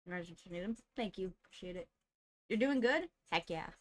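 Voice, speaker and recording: A woman's voice: fairly low pitch, lively intonation, fast talker. A woman streamer chatting casually with her live chat, greeting viewers by name and laughing often.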